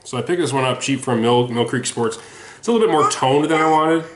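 A man talks casually to the camera at home, rambling with frequent ums and false starts. He sounds sweaty and a little hoarse, and his mid-pitched voice bounces around an echoey room. A faint hiss runs under the recording. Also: a little fast. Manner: rambling and self-deprecating, with frequent ums and restarts. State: sweaty and slightly hoarse throat. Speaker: sports autograph collector showing his mail returns. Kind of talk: casual home video chat.

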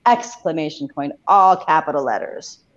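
A woman's voice: deep voice, lively intonation, moderate pace, highs cut off. A woman guest on a video call, wry and self-deprecating in casual chat. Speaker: guest actress.

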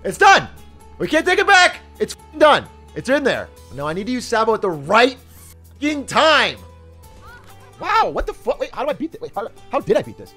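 Male game streamer, high animated voice, swears a lot, laughs often, faint music underneath. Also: brisk. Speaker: livestreamer. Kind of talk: live gaming commentary.

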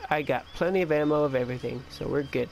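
A man giving casual let's-play commentary as a gaming channel host, excitable and chatty, talking back to the game as he plays. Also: mid-range voice, fast talker, vocal fry, a little hiss or hum.

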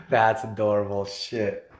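A man's voice: fairly low pitch, big pitch swings, background noise. Stoned man reacting to clips, wide-swinging voice. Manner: profane, laughing, drawn-out. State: high. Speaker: host. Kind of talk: casual reaction commentary. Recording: echoey room with loud music. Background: loud music.

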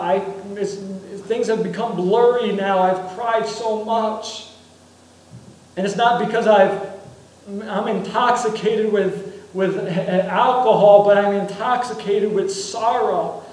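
A high-pitched male pastor preaches an earnest sermon at an unhurried pace, circling back and repeating his phrases. His voice rings through a very echoey church sanctuary, picked up from some distance away. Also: steady tone, a little mellow. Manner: earnest preaching with frequent repetitions and restarts.

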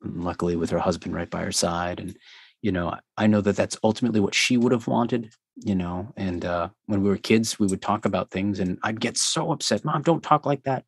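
A man's voice: deep voice, steady tone, brisk, slightly rough, no room sound. A man hosting a podcast, talking earnestly and easily in casual conversation. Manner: earnest, easygoing, says "you know" a lot. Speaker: podcast host.

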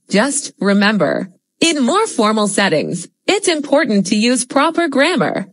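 High, lively woman teaching English. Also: unhurried, no echo. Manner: steady explanatory delivery with spoken example phrases. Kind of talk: scripted lesson narration.

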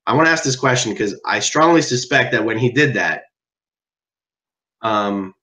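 A man runs a relaxed interview with a bright, forward tone. He sums up points and jumps in with follow-up questions in an easy, conversational way. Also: mid-range voice, normal speed, distant mic. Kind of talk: casual interview.

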